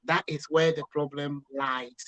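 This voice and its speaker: A man with a Ghanaian accent speaking as a guest in a casual discussion, halting and restarting often. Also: on the high side, fairly even intonation, a bit bright, rough recording.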